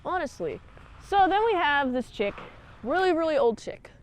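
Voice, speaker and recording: A woman's voice: high-pitched, sing-song, normal speed, slight background noise. A woman hosting a casual recap and review, rambling and jokey with lots of asides and "like"s. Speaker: show host, episode reviewer.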